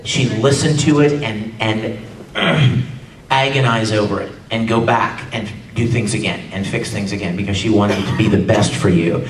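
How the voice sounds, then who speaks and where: A man speaking on a live convention panel, lively and chatty, now and then acting out character lines and yells. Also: lowish voice, moderate pace, slight background noise. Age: adult, no longer sounds young. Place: large convention hall with audience. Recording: echoey hall taped from far off with crowd.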